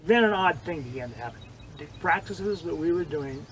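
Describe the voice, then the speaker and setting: Interviewed as a former judo training partner, an animated older man tells stories, acting out quotes and swinging between loud and soft. His voice sits fairly high and his delivery is brisk, though the audio quality is poor.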